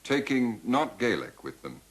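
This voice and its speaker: A man giving measured, deliberate scripted documentary narration. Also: medium pitch, sing-song, low-quality recording.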